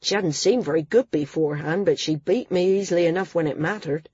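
A woman's voice: lowish voice, brisk, warm tone, slightly rough, no echo, muffled recording. A woman voicing a glum, touchy young man in a storybook reading.

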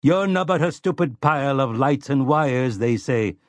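A man's voice: medium pitch, lively intonation, normal speed, no echo, pitched above the performer's own voice, lightly acted. A man voicing a prissy, complacent male robot servant in an audiobook, talking in a silky, fussy, self-satisfied way. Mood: resentful. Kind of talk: audiobook character voice.

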